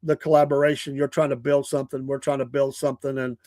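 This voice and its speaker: A man's voice: medium pitch, flat delivery, quick pace, darkish tone, no echo, clean studio sound. An older man from Georgia, chatting casually and folksily as a show guest, chuckling often and repeating himself. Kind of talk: casual chat.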